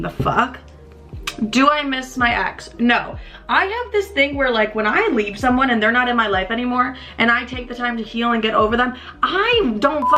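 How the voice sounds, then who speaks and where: A vlogger in her twenties, her voice fairly high, pushed and bright, chats casually while getting ready on camera. The get-ready-with-me talk is chatty and profane, packed with frequent "likes."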